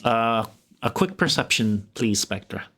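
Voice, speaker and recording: Irish man, young, laid-back streamer game master; slow, unhurried delivery, mid-pitched, chuckles often. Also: expressive, a bit bright. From Ireland. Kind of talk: casual live-stream chat while running a tabletop game.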